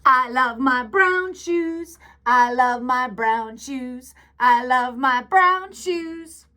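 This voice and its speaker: Mellow storybook cartoon cat, as a woman reads him, easygoing sing-song chant, a touch lower and softer. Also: animated, very slow, full character voice. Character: laid-back cool male cartoon cat.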